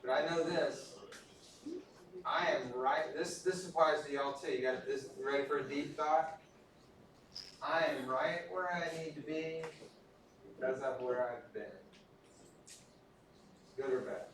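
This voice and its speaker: A man's voice: on the high side, steady tone, unhurried, pauses often, a bit bright, slight background noise. A man from Texas, lecturing a class in a casual, self-deprecating storytelling way. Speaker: instructor. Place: large echoey classroom. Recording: echoey classroom from far off.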